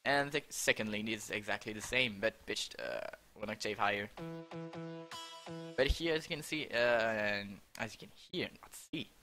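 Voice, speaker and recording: Soft music plays behind a young man explaining how he put his track together, screen-recording tutorial style. His voice is fairly low and sharp; he stops often to self-correct and laughs when he slips up.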